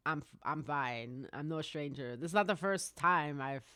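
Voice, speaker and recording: A woman's voice: sits low, normal speed, sharp tone, no echo, studio quality. Laughing, profane woman telling a story. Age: 30s. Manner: laughs often, swears freely, acts out other people's lines. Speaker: podcast host. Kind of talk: casual anecdote telling.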